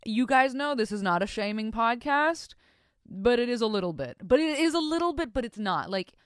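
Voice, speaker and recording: A woman's voice: fairly high pitch, lively intonation, normal speed, no room sound, studio quality. A woman hosting a podcast in casual chat, reading listener stories aloud and reacting to them with crude, profane, mock-disgusted humor. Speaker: podcast host.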